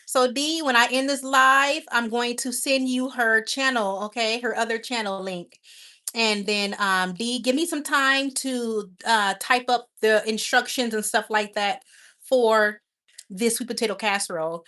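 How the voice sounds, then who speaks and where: Chatty woman with a high voice. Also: measured pace, sharp tone. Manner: chatty, affectionate, laughs often. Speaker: livestream host. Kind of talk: casual livestream chat.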